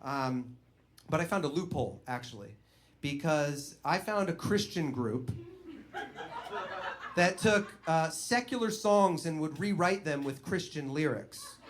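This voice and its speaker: A man with a high voice working through a stand-up set, storytelling with lots of energy. He keeps slipping into the voices of the people in his stories, with a faint ambient hum behind him. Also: measured pace. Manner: animated, acts out voices. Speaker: stand-up comedian. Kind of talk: stand-up comedy routine.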